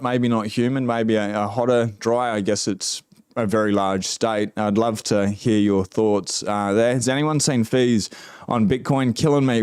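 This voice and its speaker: Laid-back Australian man, smooth dry voice. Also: medium pitch, a little mellow, no echo. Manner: laid-back, drawling, slangy, with many fillers. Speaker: livestream host. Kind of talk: casual livestream chat reading comments.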